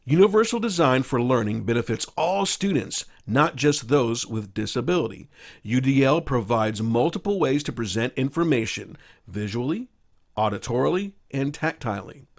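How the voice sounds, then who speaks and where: A man with a mid-range voice, talking through a recorded teaching lesson. He explains each point in turn, pausing on fillers and correcting himself now and then as he goes. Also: mid-range voice, lively intonation, creaky.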